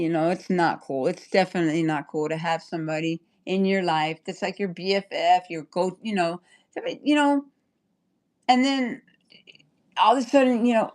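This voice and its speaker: A woman livestreaming an angry, rambling rant, full of profanity. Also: on the low side.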